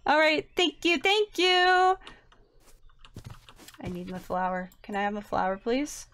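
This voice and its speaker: A woman in a casual live-streamed game role-play, playful and excitable. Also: high voice, unhurried, smooth. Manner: playful, excitable, laughs often. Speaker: role-player.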